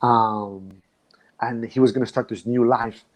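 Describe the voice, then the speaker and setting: A man's voice: medium pitch, steady tone, measured pace. A man, a dance instructor, recalling his past in a reflective, emotional way and often restarting his sentences. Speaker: guest. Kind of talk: casual conversation.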